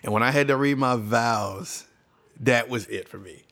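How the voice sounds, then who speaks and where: A man's voice: medium pitch, normal speed. A man in casual chat, telling a story with energy and acting out what people said. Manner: animated storyteller who acts out quotes.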